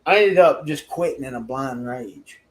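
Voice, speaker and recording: A man's voice: mid-range voice, expressive, moderate pace, low-quality recording. A man telling a story in a casual podcast chat, talking bluntly with a lot of swearing. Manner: rough, informal speech. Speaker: guest telling stories from law enforcement work.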